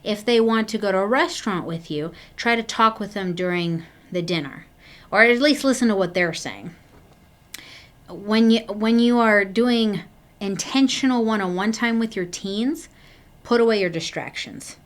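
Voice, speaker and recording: Woman presenter, parenting workshop; gentle, encouraging, unhurried, mid pitch, natural fillers.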